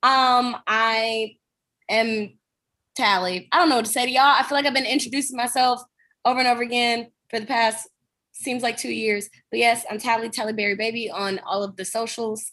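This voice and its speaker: A woman comedian co-hosting a podcast, chatting in a fairly high voice. She jokes freely and drifts into loose asides. The talk is casual and unscripted. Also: steady tone, normal speed, a bit bright. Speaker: comedian co-host.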